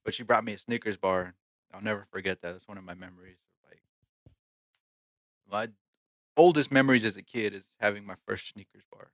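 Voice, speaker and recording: Podcast co-host, male, lowish bright voice, jokey casual delivery, dry close sound. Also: a little fast, pauses often, no room sound. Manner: jokey, slips into put-on accents. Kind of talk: casual chat.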